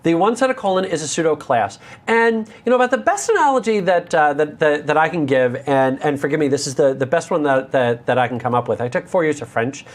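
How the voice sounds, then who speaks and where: A man's voice: fairly high pitch, animated, a little fast, hardly any pauses. An American man teaching a live coding lesson, candid and self-deprecating, with joking asides. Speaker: instructor.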